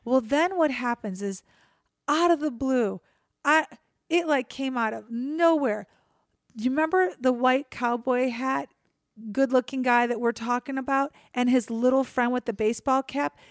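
A woman co-hosting a podcast, telling a story in a lively, excitable way. Her voice sits a little high, and the recording is close and dry. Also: a little slow, dry recording. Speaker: podcast co-host. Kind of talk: casual storytelling chat.

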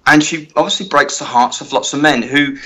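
Man, guitar tech guest, casual interview, animated storyteller, tense bright tone. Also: on the high side, a little fast, slight background noise. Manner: animated anecdote-telling with many quoted voices.

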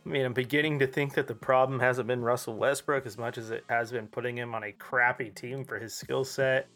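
A man co-hosting a casual podcast, teasing and wisecracking, with sudden animated bursts. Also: medium pitch, brisk, faint music behind. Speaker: podcast co-host. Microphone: desk mic over voice chat.

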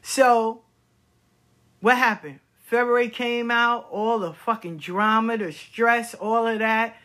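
Slow and steady, with a slightly high, somewhat bright voice, this middle-aged woman delivers a frank vlog monologue of personal commentary. She curses and repeats words to drive her points home.

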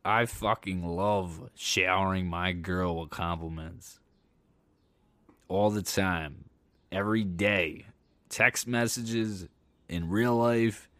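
A young man hosting a podcast, telling candid, profane stories about relationships in a casual monologue that gets animated when he relives a scare. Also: low voice, slow pace, no echo. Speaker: podcast host.

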